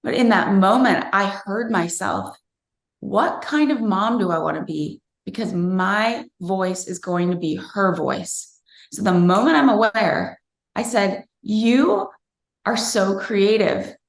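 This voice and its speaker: A woman in her thirties recounts a personal moment in an unhurried, earnest and reflective way. Her voice has a gravelly, creaky edge. The sound carries a noticeable roomy echo. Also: medium pitch, animated. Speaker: interviewee. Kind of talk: personal storytelling.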